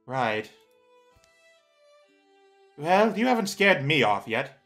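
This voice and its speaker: A man doing a wry, money-minded recruit who haggles over pay in an improvised game scene. The voice sits a little high and sounds bright and sharp. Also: sing-song, slow, faint music behind, full character voice. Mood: haggling. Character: money-minded adventurer recruit joining a band. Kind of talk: improvised game character voicing.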